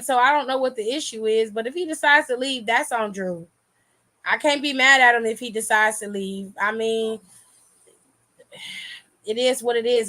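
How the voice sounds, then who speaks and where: A young woman giving casual, animated commentary on wrestling news, swearing freely and laughing often. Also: a little high.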